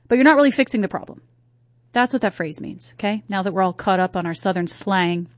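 A woman's voice: medium pitch, fairly even intonation, fast talker, dry recording. Chatty woman radio host, dry studio. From North Carolina. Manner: chatty, conversational, rhetorical questions. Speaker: radio talk show host. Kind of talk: talk radio monologue. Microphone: studio microphone.

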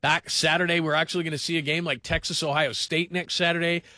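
A man hosting a call-in sports radio show, talking in a rambling, animated way that circles back on itself. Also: a little high, fast talker, dry recording, studio quality. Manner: rambling, animated, repeats himself.

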